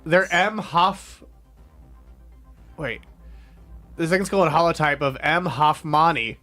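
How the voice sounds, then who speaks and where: A man's voice: fairly high pitch, slow, sharp tone, no room sound, faint music behind. A man voicing a goofy male fish emperor who hosts a trivia show, joking and wisecracking. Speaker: show host. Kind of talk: comedy podcast banter.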